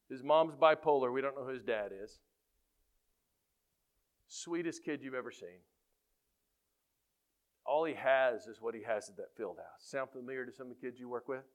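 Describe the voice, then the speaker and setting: A middle-aged man, a high school football coach, giving a faith-based storytelling talk in an animated way. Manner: animated, gets loud when acting out quotes.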